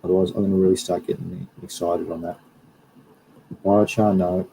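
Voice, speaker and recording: A man's voice: low voice, level tone, moderate pace, gravelly, dark tone, a little hiss or hum, poor audio. A man hosting a live stream, chatting loosely and correcting himself as he reads through slides. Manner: rambling, self-correcting, chatty. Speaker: livestream host, plant scientist. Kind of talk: casual livestream talk, reading through slides.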